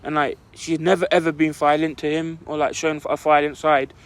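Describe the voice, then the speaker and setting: Telling a long story in casual conversation, this young podcast co-host rambles and keeps saying "like." He talks briskly in a fairly high voice with a flat delivery.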